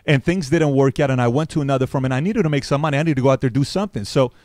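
A man interviewed as a guest on a radio show, telling his story in a brisk, animated way into a studio microphone. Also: mid-range voice, no room sound. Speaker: guest, business founder.

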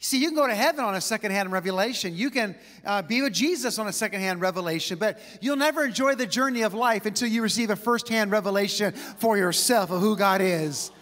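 A man preaches a sermon from a church stage, and a long hall reverb follows his voice. His pitch sits high for a man. He tells stories with quick asides and light laughs along the way. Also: a bit bright. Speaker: pastor.

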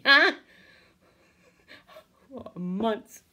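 A woman's voice: on the high side, takes it slowly, pauses often, pushed and bright. An older woman filming herself in an agitated, angry rant, swearing, stammering and breaking into bitter laughs. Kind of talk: angry self-filmed rant.

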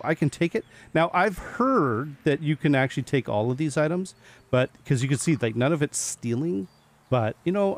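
A man giving casual gameplay commentary, chatting to the animals he meets and laughing often as he plays. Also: medium pitch. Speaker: gaming video host.

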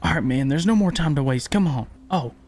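A man's voice: on the high side, expressive, a little fast, heavy background noise. Goofy guy doing gta role-play, voice bouncing all over, always cracking up. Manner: goofy, scheming, laughs a lot. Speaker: content creator playing role-play. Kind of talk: comedic game role-play.

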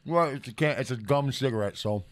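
A man's voice: medium pitch, a little fast. A middle-aged man from Michigan co-hosting a podcast, telling stories in a rambling, profane way. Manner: profane, rambling storytelling with lots of "like". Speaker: podcast co-host. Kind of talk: casual chat.

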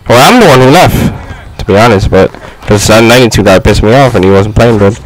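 A young man giving casual gameplay commentary, frustrated and slangy, yelling at his teammates. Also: fairly low pitch, lively intonation, a little fast, poor audio. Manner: frustrated, exclaiming, slangy trash talk. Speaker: gaming YouTuber.

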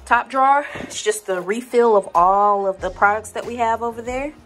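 Speaking at normal speed in a voice on the high side, a young adult woman walks viewers through her spa treatment room in a casual vlog. She lists things chattily, peppered with "like" and "um," over soft background music.

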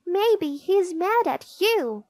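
A cheeky little girl from a storybook, bossy and quick to scold, voiced by a woman reading aloud. Her voice jumps high above the narration. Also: expressive, darkish tone, no echo, heavily acted.

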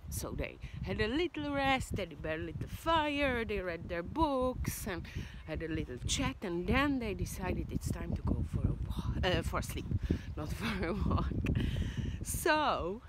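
A woman casually telling a children's story to viewers outdoors, unhurried and with hesitations. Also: lowish voice, lively intonation, very noisy.

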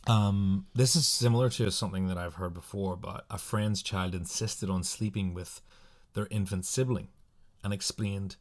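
Deep-voiced man reading spooky anecdotes. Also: steady tone. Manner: chatty, playful, quick asides. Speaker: podcast co-host.

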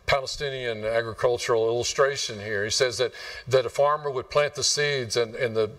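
Folksy pastor preaching from afar. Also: male voice, medium pitch, steady tone, brisk, a bit bright, far from the mic. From West Texas. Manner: folksy, rambling, asks the congregation questions. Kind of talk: sermon. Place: church sanctuary.

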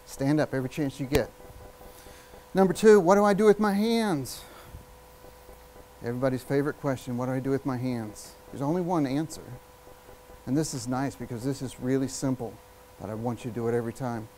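In a live workshop before an audience, a man teaches public speaking with energy and emphasis, varying his speed and volume and using long pauses. His voice is mid-range, and the audio is poor with slight background noise.

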